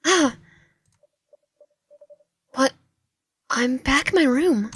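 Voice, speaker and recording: A woman reading a visual novel aloud in first person, expressive, with stumbles and asides. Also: sits high, slow, long pauses, background noise. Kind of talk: dramatic game read-through with asides.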